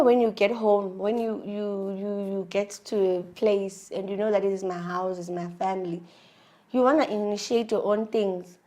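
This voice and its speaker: A woman's voice: mid-range voice, darkish tone. South African woman telling a personal story. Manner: emotional, confiding, with many restarts. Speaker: vlogger.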